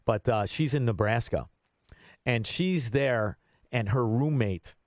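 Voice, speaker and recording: A man's voice: mid-range voice, slow, no echo. A man hosting a political talk radio show, blunt and combative, swearing freely.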